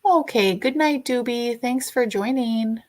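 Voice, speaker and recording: A woman's voice: a little high, unhurried, darkish tone. A woman hosting a casual livestream, chatting and greeting viewers by name, sometimes singing a snippet. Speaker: livestream host.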